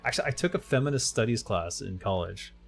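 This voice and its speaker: A man's voice: on the low side, lively intonation, quick pace, gravelly, slightly rough. A middle-aged man streaming a game live, muttering to himself as he plays and then chatting openly with his viewers. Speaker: game streamer and voice-over narrator. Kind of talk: casual live gaming stream chat.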